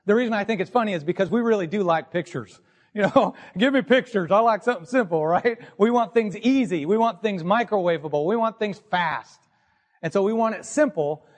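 A man's voice: sits high, darkish tone. A man preaching a sermon from the pulpit in a church, teaching in an earnest tone and asking rhetorical questions. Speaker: pastor. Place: church sanctuary.

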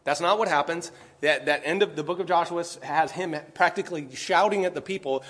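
A man delivers a sermon in a high-pitched voice. He reads scripture passages aloud and often stops to put rhetorical questions to the room. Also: expressive, brisk, a bit bright, slightly rough. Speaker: preacher.

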